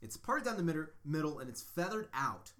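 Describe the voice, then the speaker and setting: A young man co-hosting a casual movie podcast from his home basement studio, mocking a film in a sarcastic, animated way. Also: fairly high pitch, brisk. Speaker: podcast co-host. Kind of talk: casual movie-review chat.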